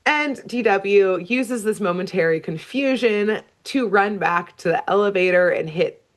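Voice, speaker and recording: A woman co-hosting a podcast, chatting casually as she recaps a cartoon episode in an animated, storytelling way. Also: medium pitch, measured pace. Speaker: podcast co-host.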